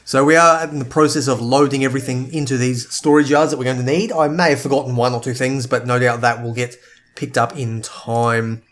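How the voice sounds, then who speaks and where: A man's voice: mid-range voice, steady tone, fairly quick, a bit bright. A man giving casual gameplay commentary, thinking aloud and sometimes tripping over his words. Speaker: let's play gamer.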